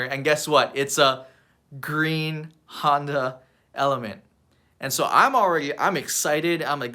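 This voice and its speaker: Bright-voiced man preaching with animated energy. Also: fairly high pitch. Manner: animated, repeats words while telling a story. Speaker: youth pastor. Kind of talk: sermon storytelling.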